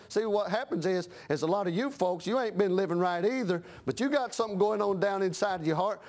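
A middle-aged preacher delivers a homespun sermon in a notably high voice, punctuating his points with amens. He slips into the voices of the people he describes and hammers each point with plain country talk. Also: darkish tone. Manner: folksy preaching with frequent amens, acts out voices. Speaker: pastor.

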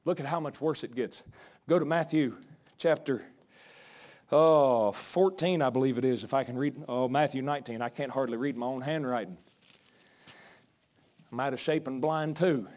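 A male pastor preaching a sermon, out of breath, swinging from folksy asides to shouted peaks. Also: medium pitch, moderate pace, long pauses. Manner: folksy, joking asides to the congregation.

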